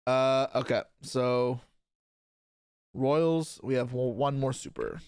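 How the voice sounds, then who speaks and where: A man's voice: mid-range voice, slow pace, a little mellow, clean tone, dry recording. A young man chatting casually on a live stream, answering his chat aloud while opening card packs, with offhand swearing. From Canada.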